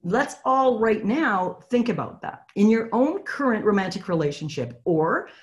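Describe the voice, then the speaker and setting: A woman's voice: medium pitch, big pitch swings, unhurried. A woman, apparently from Canada, coaching a live online session in a chatty, encouraging way and reading out replies from the chat. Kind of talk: live webinar teaching.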